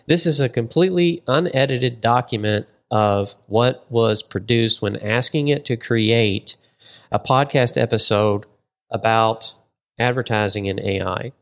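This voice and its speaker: Male podcast host, casual chat, rambling and jokey, mid-pitched. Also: animated, moderate pace.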